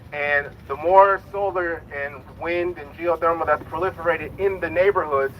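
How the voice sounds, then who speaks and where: A man with a fairly high voice speaks earnestly to a rally crowd outdoors. A faint hum of the street sits behind him. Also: highs cut off. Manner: earnest, rallying, some ums and restarts. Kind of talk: speech to a rally.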